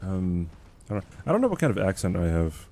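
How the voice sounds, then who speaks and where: A man's voice: deep voice, very animated, a little fast, mellow. A young man livestreaming a game, chatting in a rambling, self-deprecating way and laughing often. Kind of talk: casual chat while gaming.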